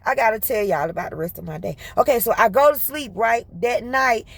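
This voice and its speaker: An animated woman with a fairly high voice, chatting casually to her viewers as she tells a story. She talks fast and in bursts, slips into laughter, and keeps a loose, colloquial flow. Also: gravelly. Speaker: vlogger.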